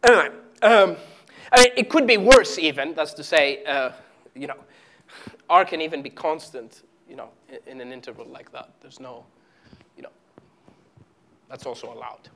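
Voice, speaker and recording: A man giving a live math lecture at a board, talking haltingly with many fillers and restarts. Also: fairly high pitch, a bit bright, slight background noise. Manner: halting, full of fillers and restarts while writing. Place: lecture hall.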